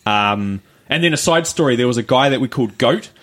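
A man's voice: medium pitch, animated, a little fast, a bit bright. A man co-hosting a podcast, telling a rambling story in casual chat with plenty of fillers and laughs. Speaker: podcast co-host.

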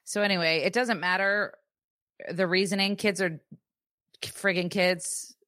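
A woman in her thirties, a podcast co-host, talking candidly in casual chat with quick asides. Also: on the low side, steady tone, fairly bright tone, no room sound, clean studio sound.

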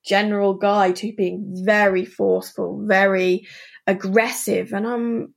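Interview guest: woman, earnest, halting storyteller, mid-pitched. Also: flat delivery, vocal fry. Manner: earnest, halting, full of asides. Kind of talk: candid personal storytelling.

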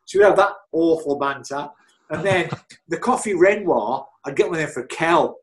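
Chatty man with a higher voice. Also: moderate pace. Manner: animated, chatty, repeats himself, laughs often. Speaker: former footballer and physio guest. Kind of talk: casual storytelling interview.

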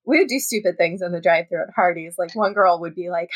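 Chatty, slightly husky woman host. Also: lowish voice, fast talker, no room sound. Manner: animated storytelling, laughs often. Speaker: podcast host. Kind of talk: casual chat.

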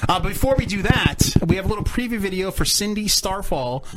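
A man hosting a crude chat show, loud, joking and swearing. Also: high voice, expressive, brisk. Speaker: podcast host. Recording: noisy podcast audio.

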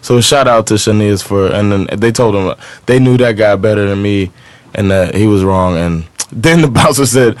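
A man's voice: on the low side, moderate pace, no room sound. A man on a podcast telling a rowdy story in casual, profane chat, laughing as he goes. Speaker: podcast co-host.

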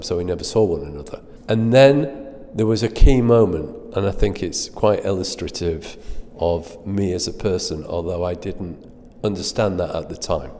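Middle-aged male guest, low mellow voice, dry self-mocking storyteller, reverberant sound. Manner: self-deprecating, laughs at own stories. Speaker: guest telling stories. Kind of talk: anecdotal storytelling.

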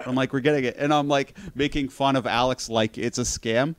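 A man telling a long story in casual conversation, animated, swearing freely and laughing at his own account. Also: mid-range voice, normal speed, clear, resonant tone, no echo.

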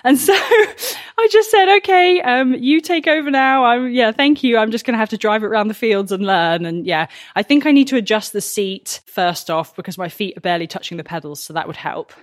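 A woman's voice: mid-range voice, expressive, a little fast, few pauses, dry recording, studio quality. Chatty nervous woman vlogger. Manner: chatty, nervous, laughs often, exclaims a lot. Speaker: farm vlogger. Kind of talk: casual vlog talk to camera. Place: tractor cab in a farm shed.

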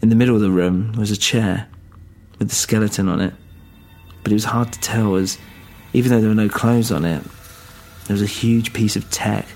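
A man narrates a first-person horror story in a low voice with a gravelly edge. His telling is plain and steady, broken now and then by hesitant stammers, with faint music underneath.

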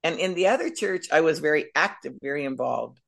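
A middle-aged woman shares her faith testimony as a podcast guest, telling it with lively storytelling energy. Her voice sits low and has a gravelly fry running through it. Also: a little fast. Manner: animated storyteller. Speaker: guest speaker.

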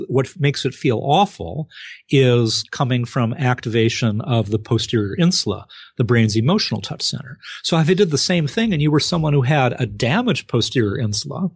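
A man answering as a guest expert in an interview, explaining clearly and acting out short examples with exclamations. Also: mid-range voice, no echo, clean studio sound. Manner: lively, acts out examples with exclamations.

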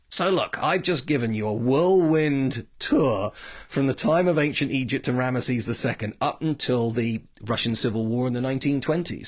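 A man's voice: mid-range voice, breathy edge. A man giving a casual history talk, rambling with many fillers and restarts. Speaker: host.

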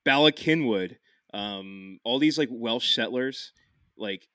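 A man from Philadelphia, co-hosting a podcast, telling stories in a lively, profane way. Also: mid-range voice, clear, resonant tone, no echo, studio quality. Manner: animated, profane, quick storyteller. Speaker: podcast co-host. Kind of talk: casual chat.

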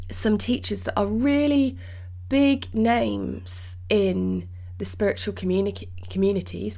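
A woman hosting her own podcast, talking alone in a reassuring, rambling way with restarts, her voice croaky. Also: medium pitch. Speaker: podcast host and medium teacher. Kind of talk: solo podcast talk.

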